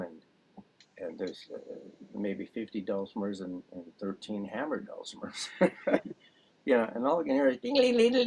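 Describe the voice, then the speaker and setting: A man's voice: fairly low pitch, a little mellow, low-quality recording. A man teaching a music class over a video call, rambling through homely analogies. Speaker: dulcimer teacher. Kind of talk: casual class introduction.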